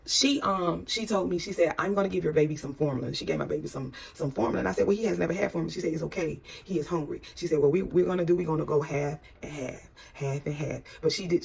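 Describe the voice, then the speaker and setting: A woman's voice: low-pitched, fast talker, creaky, a little mellow, husky. A woman telling a personal story in a casual, rambling way. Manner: rambling with many restarts.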